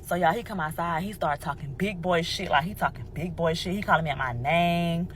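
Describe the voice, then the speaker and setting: A woman telling a casual storytime monologue in an animated, emphatic way, swearing freely and calling her listeners y'all. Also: lowish voice, brisk, slight background noise, low-quality recording.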